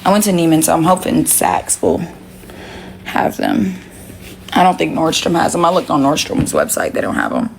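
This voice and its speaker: Lower-pitched woman ranting on her phone live, blunt and sweary, faint hiss in the back. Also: huge pitch swings, normal speed, gravelly. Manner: blunt, profane, talks straight to viewers. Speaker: livestream host. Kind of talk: casual livestream chat.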